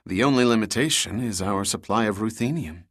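A man narrating an audiobook voices Lisa, a female chemist who speaks in a quick, earnest way. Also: lowish voice, dry recording, studio quality. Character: female chemist, eager but conscientious.

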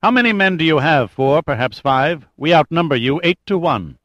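A man voicing a silky, controlled male terrorist leader who makes quiet threats. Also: medium pitch, animated, moderate pace, no room sound, lo-fi sound, pitched above the performer's own voice, lightly acted. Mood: menacing.

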